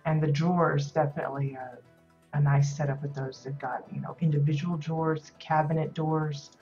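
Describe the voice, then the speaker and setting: A woman's voice: sits low, fairly even intonation, normal speed, mellow, muffled recording, soft background music. A woman hosting a casual video tour of player-built homes in a game, talking loosely with lots of ums and restarts. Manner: rambling, many ums and restarts. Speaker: host touring player houses in a game.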